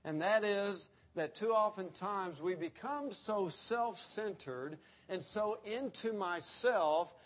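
A man preaching an expository sermon, slowing down to quote scripture and stressing key words. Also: sits high. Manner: emphatic, slows down to quote scripture. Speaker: pastor.

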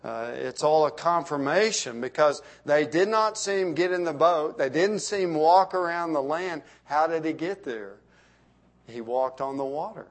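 A middle-aged man delivers a sermon from the pulpit. His voice sits a little high for a man. He leans hard on repeated phrases, then lets each sentence sink to a soft close. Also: normal speed. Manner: emphatic preaching with rising emphasis and soft trailing endings. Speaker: pastor.

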